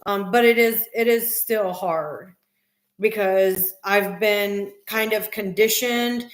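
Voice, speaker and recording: A woman in her forties hosting a casual livestream chat, soft-spoken and hesitant, often restarting her sentences. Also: medium pitch, takes it slowly. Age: 40s. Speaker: livestream host. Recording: echoey room.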